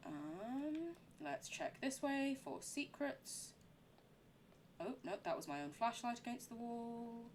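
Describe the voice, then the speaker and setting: A woman's voice: fairly high pitch, animated, takes it slowly, a little hiss or hum. A young woman streaming a horror game, chatting in a giggly, rambling way. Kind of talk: live game commentary.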